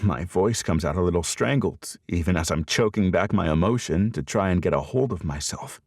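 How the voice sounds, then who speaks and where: Gravelly, expressive male audiobook narrator. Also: sits low, moderate pace, no room sound, studio quality. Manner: expressive, storytelling. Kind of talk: first-person romance narration.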